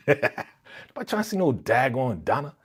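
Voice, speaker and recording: Animated laughing man streaming a reaction. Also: medium pitch, normal speed, breathy edge. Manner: animated, laughing, slangy, recaps with quoted lines. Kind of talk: casual live reaction chat.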